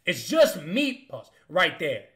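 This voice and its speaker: Bright, high-voiced man telling a wild story. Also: slow. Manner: animated, profane, punchy. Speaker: comedian host. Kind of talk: casual comedic storytelling.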